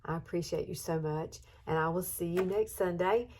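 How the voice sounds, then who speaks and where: In a voice on the low side and at a moderate pace, a woman in her fifties with an Alabama accent chats through her get-ready-with-me makeup routine. As a beauty vlogger she is warm-hearted and emotional, sometimes close to tears.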